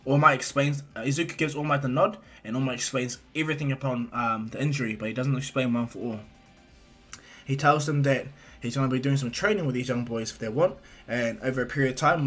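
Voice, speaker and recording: A man's voice: mid-range voice, a bit bright. A man casually retelling a fan story, rambling with fillers and restarts.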